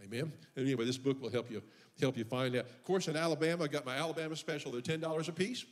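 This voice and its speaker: A man's voice: on the high side, rapid-fire. An older man preaching a sermon as pastor, joking and folksy between scripture readings. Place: church.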